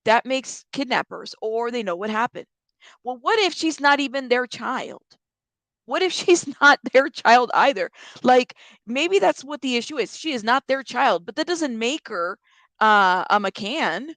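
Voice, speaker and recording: A woman commenting on a live stream in a loose, chatty way, stopping to answer her viewers' comments. Her voice sits a little high and sounds close and dry, with no room around it. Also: animated, a little slow, fairly bright tone, no room sound. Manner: chatty, reacts to chat comments, thinks aloud.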